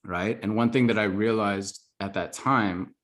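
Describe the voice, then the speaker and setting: Slightly slow and fairly even in intonation, his lowish voice carries an earnest, reflective account of his life. He's a podcast guest in a casual storytelling interview, using "like" as a frequent filler.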